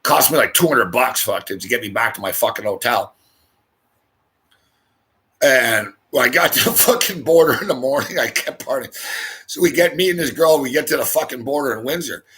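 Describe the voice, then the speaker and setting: Brief: middle-aged Canadian male host, bright forceful voice, profane storytelling rant. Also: medium pitch, moderate pace. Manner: animated, swears constantly, laughs mid-story.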